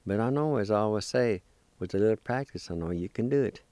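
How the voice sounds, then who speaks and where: A man's voice: on the low side, expressive, fast talker, warm tone, no room sound. A man teaching a recorded pronunciation lesson, spelling and sounding out words syllable by syllable, with a few encouraging words. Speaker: language teacher.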